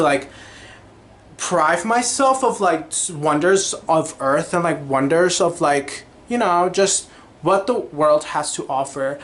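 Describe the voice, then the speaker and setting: Young guy rambling on his podcast, kinda high voice, gushy and excitable. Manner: chatty, gushing, lots of "like" and sung snippets. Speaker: podcast host. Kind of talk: casual solo chat.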